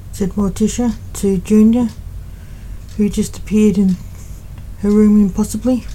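A woman reads a fan story aloud at a slow, unhurried pace. Her voice is dark and mellow, and her delivery stays plain and even. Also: mid-range voice, poor audio. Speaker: narrator.

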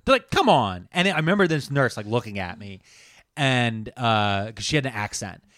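A man's voice: medium pitch, expressive, normal speed, pushed and bright, dry recording, studio quality. A man co-hosting a podcast, telling a story in a casual, jokey, profane way. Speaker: podcast co-host.

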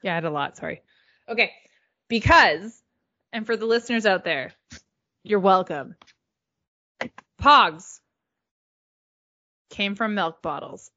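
Young woman, podcast co-host, deadpan, giggly, gross-out humor, dull audio. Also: medium pitch, takes it slowly, pauses often. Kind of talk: casual chat.

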